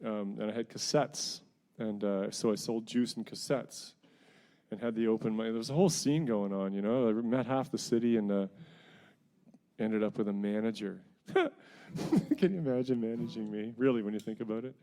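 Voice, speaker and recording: A middle-aged singer-songwriter from New Brunswick, telling rambling, self-mocking stories between songs at a house concert. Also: male voice, lowish voice, normal speed, dark tone. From New Brunswick, Canada. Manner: rambling, self-mocking anecdotes with frequent chuckles. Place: living room at a house concert.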